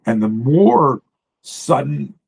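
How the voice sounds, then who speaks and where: A man, a self-defense coach, explaining drills while sharing slides on a video call, blunt and profane in an animated way. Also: medium pitch, slow pace, creaky, breathy edge, low-quality recording.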